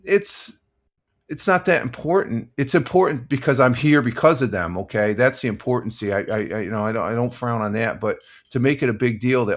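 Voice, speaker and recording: An older American man hosts a casual live stream, reading viewer comments and giving blunt opinions. He rambles with many restarts, speaking a little fast at a medium pitch.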